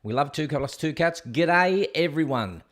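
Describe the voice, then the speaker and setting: Middle-aged aussie bloke, chatty and jokey, a bit high-voiced, rambling through a livestream. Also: male voice, lively intonation, normal speed. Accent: Australian. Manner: chatty, jokey, rambling, reads comments aloud. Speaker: host. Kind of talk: casual solo livestream chat.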